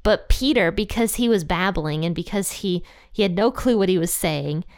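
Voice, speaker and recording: A woman's voice: fairly low pitch, normal speed, darkish tone, no echo, clean studio sound. A young adult woman hosting a casual Bible teaching podcast, chatty and thinking aloud with fillers and guesses.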